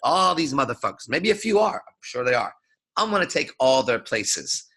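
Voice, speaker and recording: A man's voice: mid-range voice, big pitch swings, normal speed, pushed and bright, husky. A man giving an unscripted lecture as a dating coach, talking in a swaggering, profane, emphatic way.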